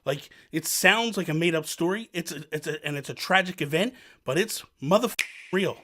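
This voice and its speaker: A man in his thirties hosting his own channel, chatting casually in a loud, joking, self-mocking way. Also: a little high, normal speed, slight background noise. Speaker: channel host. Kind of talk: casual rambling chat. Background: faint background music.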